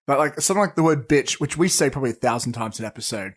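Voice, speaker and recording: A man's voice: medium pitch, animated, very fast, slightly rough. A man co-hosting a movie podcast in casual chat, rambling and swearing freely as he tells stories. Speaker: podcast co-host.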